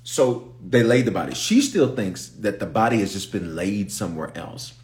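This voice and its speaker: A bishop teaches from the Bible during an impromptu live stream, his lowish voice lively in intonation and a little mellow, moving at normal speed. He is emphatic and repetitive, pleading with listeners to pay attention as his intensity builds.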